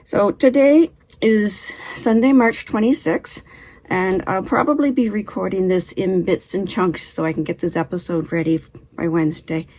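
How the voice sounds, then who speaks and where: Friendly and talkative, a woman runs a casual knitting vlog from her Canadian home, sounding somewhat breathless after being sick and coughing or clearing her throat now and then. Her medium-pitched voice is a little mellow at a normal speed, and the recording is rough.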